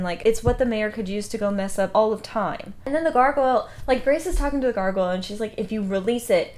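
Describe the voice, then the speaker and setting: A young woman casually recapping a novel, chatty and animated, often acting out the characters' lines with lots of "like". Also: a little high. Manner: chatty, animated retelling with lots of "like" and acted-out quotes. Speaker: book reviewer.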